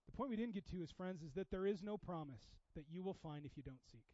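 Male pastor, high voice, chatty sermon delivery, loud pushes and hushed asides, dull dry recording. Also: lively intonation, brisk, dry recording. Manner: conversational, swinging from loud exhortation to hushed asides.

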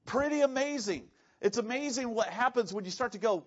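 Male pastor, high voice, lively sermon delivery with acted-out voices, dull lo-fi recording. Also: brisk, hardly any pauses. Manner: animated, acts out quoted voices, shifts between loud and hushed. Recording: dull lo-fi sound.

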